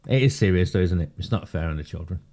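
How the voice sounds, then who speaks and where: A man talks straight to his live viewers in a low-pitched voice. His delivery is sarcastic and mocking, and it keeps slipping into laughter. The tone is mellow and warm rather than bright. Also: animated, fast talker. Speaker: livestream commentator on local politics. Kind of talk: casual live commentary.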